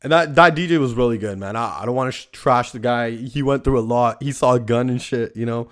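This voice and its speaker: A young man hosts a casual storytelling podcast, his medium-pitched voice clean, a bit bright, and a little fast. He rambles, swears constantly, and keeps tagging his lines with "right?"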